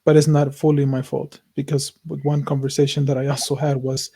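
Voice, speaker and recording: A man talking through personal struggles on a podcast in an earnest, searching way, circling back over his points and swearing freely. His voice is dark and mellow, with a flat, even pitch that rarely lifts. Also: fairly quick, gravelly, few pauses, husky. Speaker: podcast co-host. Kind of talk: casual heartfelt conversation.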